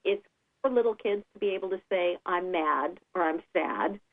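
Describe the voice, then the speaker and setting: A woman giving calm, patient advice on children's feelings in a radio interview, sometimes acting out a child's words. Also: moderate pace. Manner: calm, explanatory, acts out children's lines in a higher voice. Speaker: guest expert on child behavior. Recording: tinny phone line.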